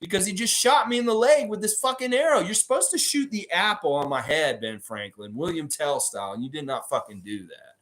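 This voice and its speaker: A man voicing a hurt, furious male raptor mascot who yelps and swears in a strained, high voice. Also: brisk, few pauses, fairly bright tone, natural voice. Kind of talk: improvised comedic voice in a sports show.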